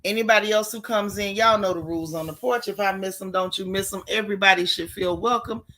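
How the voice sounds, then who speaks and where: A woman's voice: mid-range voice, quick pace. A woman hosting a casual gossip livestream from home, greeting viewers by name with slang like sis and boo. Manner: chatty, warm Southern slang, calls viewers sis and boo.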